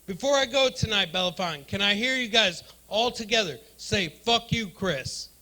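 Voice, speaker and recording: A brash male stand-up comic riffing crudely with the crowd from a club stage. His voice sits a touch higher than most men's, and he swings between loud punchlines and muttered asides. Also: expressive, fairly quick, low-quality recording. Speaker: stand-up comedian and emcee. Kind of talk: stand-up comedy with crowd work.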